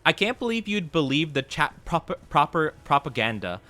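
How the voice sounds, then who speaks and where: Lively, bright-voiced young male streamer. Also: fairly high pitch, normal speed. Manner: playfully mock-indignant, teasing. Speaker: video game streamer. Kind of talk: casual live-stream chat with viewers.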